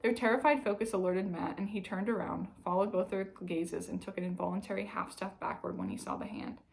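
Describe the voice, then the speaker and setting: A woman reading a novel aloud in calm, even narration. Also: medium pitch, fairly quick, vocal fry, a little hiss or hum, low-quality recording. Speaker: audiobook reader.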